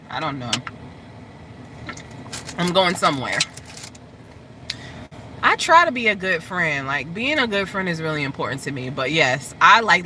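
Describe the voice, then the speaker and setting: A woman hosting a casual chat, telling stories in an animated way and laughing often. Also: on the low side, a little hiss or hum. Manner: animated storytelling, laughs often, squeals in excitement. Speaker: host.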